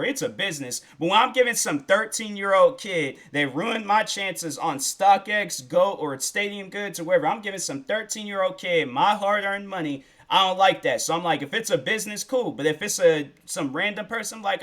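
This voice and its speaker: Young guy from around seattle, slangy and animated, slightly higher voice, rambles through a casual storytime. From Seattle area, United States. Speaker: sneaker YouTuber.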